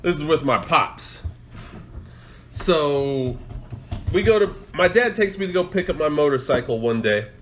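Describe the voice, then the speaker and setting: A man on a casual podcast telling a road rage story, profane and animated, acting out the shouting. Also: on the high side, measured pace, pauses often, a little hiss or hum. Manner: profane, loud, acts out shouting in quotes. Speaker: podcast co-host.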